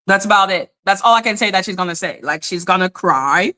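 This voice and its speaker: Sharp-toned woman ranting on a livestream. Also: mid-range voice, lively intonation, brisk, few pauses. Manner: blunt, profane, taunting. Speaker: livestream host. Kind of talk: confrontational live-stream rant.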